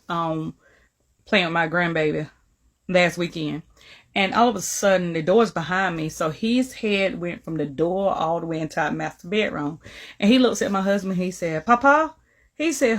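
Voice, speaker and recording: Animated grandmother telling a story. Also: fairly low pitch, normal speed. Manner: animated, swings loud and soft. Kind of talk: casual storytelling.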